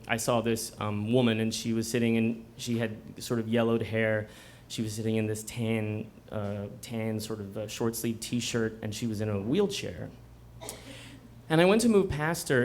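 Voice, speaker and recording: A man's voice: lowish voice, slight background noise. A man telling a personal story at a live bookstore story slam, conversational and self-mocking, often slipping into laughter. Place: bookstore event before a live audience.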